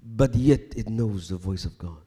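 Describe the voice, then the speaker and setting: A man preaching a live sermon, swinging from loud emphatic declarations to hushed near-whispers, with repetitive rhythmic phrasing. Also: on the low side, normal speed, husky.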